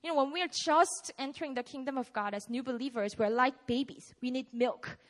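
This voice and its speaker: A woman in her twenties giving a casual sermon in an animated, chatty way, often asking the audience questions. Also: high voice, a little fast. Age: 20s. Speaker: preacher.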